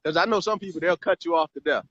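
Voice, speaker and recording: A man's voice: a little high, quick pace, a bit bright. A man hosting a casual live stream chat about marketing, rambling and repeating words. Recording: dry, slightly muffled live stream audio.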